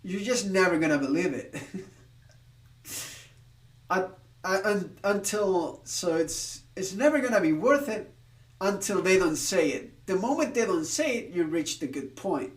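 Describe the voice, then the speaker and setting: A man's voice: high voice, animated, a little slow, reverberant, recorded from a distance, low-quality recording. A man from Spain chatting casually on a live stream, rambling with restarts, laughing and swearing now and then.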